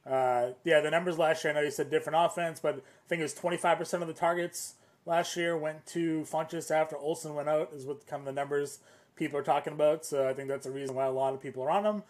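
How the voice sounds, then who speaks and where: A man producing a fantasy football live stream, talking fast with a fairly high voice. He gives his analysis plainly and matter-of-factly. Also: steady tone. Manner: quick, matter-of-fact analysis. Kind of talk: casual live-stream chat.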